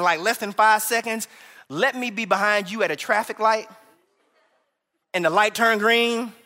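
A man preaching a sermon as associate pastor, animated and humorous, calling out to the congregation. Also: very high voice, big-room sound.

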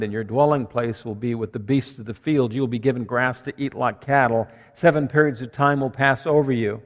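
A man's voice: mid-range voice, long reverb tail. A man preaching a sermon as pastor, earnest and conversational, working through numbered points.

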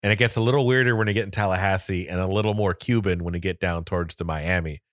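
A man's voice: low voice, quick pace, a bit bright, no room sound, studio quality. A man from Florida with a Florida accent, co-hosting a podcast in casual, rambling chat and laughing often. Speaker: podcast co-host.

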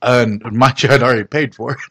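A man's voice: medium pitch, fairly even intonation, fast talker, fairly bright tone. A man co-hosting a podcast, chatting casually and joking about a movie. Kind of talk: casual chat.

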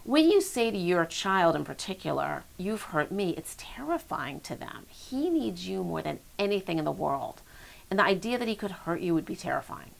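A woman who directs a children's center and specializes in child development gives emphatic parenting advice conversationally, explaining things in quick bursts. Her voice is fairly low and very animated, with vocal fry.

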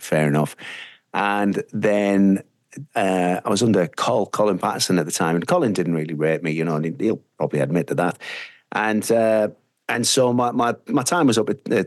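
Middle-aged Teesside man, low voice, chatty anecdotal guest, dry booth sound. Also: no echo. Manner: rambling, anecdotal, frequent fillers. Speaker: radio presenter, guest. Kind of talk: casual interview storytelling.

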